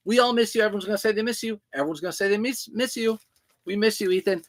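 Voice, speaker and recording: A man's voice: high-pitched, expressive, fast, a bit bright, a little hiss or hum. A man who resells clothing, hosting a casual livestream and chatting as he answers viewer comments.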